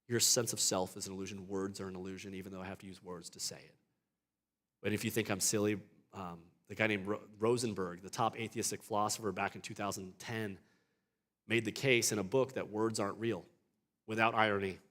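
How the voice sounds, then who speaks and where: A man's voice: fairly low pitch, steady tone, a little fast, a bit bright. A man teaching a church apologetics class in a conversational way, asking rhetorical questions and often restarting his sentences.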